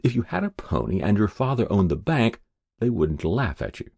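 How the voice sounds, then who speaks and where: A man narrating a story in an expressive, measured storytelling manner. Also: on the low side, creaky, breathy edge, dry recording, studio quality. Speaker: audiobook narrator.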